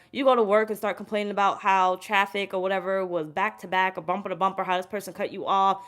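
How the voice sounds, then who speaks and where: A woman giving a casual live tarot reading in a voice of ordinary pitch, neither high nor low. She rambles and curses freely, circles back to repeat her points, and breaks off to say hello to viewers in the chat. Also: a bit bright. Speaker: tarot reader.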